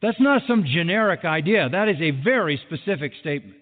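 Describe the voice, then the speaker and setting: A man's voice: a little high, lively intonation, fairly quick. A man preaching a sermon as a pastor, emphatic and driving points home with repeated phrases. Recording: thin phone-like sound with long hall reverb.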